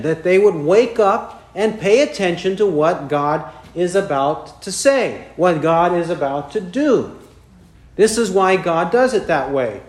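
Slow, deliberate preaching man in an echoey room. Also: sits high, darkish tone. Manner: slow, deliberate scripture reading with pauses. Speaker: pastor. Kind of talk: sermon.

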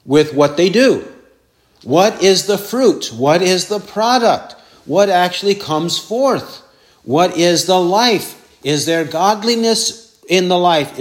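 Guy preaching a sermon, slow and deliberate, kinda high voice, lots of rhetorical questions. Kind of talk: expository sermon.

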